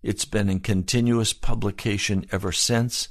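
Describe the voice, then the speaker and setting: A man preaching a sermon, moving from calm storytelling to impassioned, pleading calls. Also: lowish voice, normal speed, no room sound, studio quality. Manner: impassioned, rising to fervent pleading.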